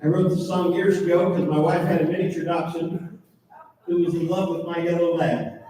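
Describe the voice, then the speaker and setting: A man's voice: on the high side, level tone, moderate pace, warm tone. A singer-songwriter telling a funny story to a crowd between songs at a tribute show, laughing at his own lines. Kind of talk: humorous stage banter between songs. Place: live music venue with audience. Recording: echoey hall from far off, music playing.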